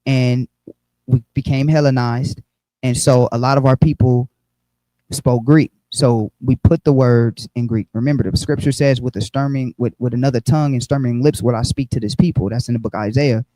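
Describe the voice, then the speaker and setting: A man's voice: medium pitch, fairly even intonation, normal speed, dark tone, dry recording, low-quality recording. A man teaching a Bible lesson on a livestream, explaining step by step and checking in often with "okay?" and "right?", with frequent fillers. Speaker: religious teacher.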